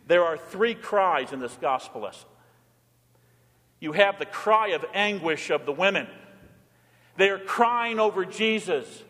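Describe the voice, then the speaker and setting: A pastor preaching a sermon, moving between plain teaching and short acted-out pleas spoken in quoted voices. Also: male voice, high voice, a bit bright. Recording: church hall reverb.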